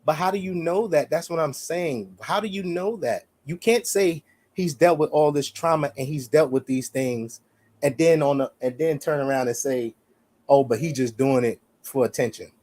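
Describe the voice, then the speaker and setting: With a fairly high pitch, a darkish tone and a normal speaking speed, the male co-host pushes his view in a heated, relaxed podcast debate. He stresses his arguments, repeating them and the phrase "you see what I'm saying."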